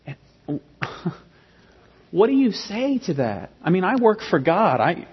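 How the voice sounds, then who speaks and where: A man in his thirties preaching a sermon as pastor, emphatic and animated, often restarting his phrases. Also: sits high, slow pace, husky. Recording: dull sound with long hall reverb.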